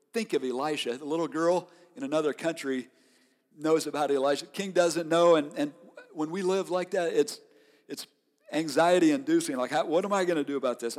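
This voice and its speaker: A male pastor preaching a sermon with conversational, animated storytelling. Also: a little high. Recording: long hall reverb.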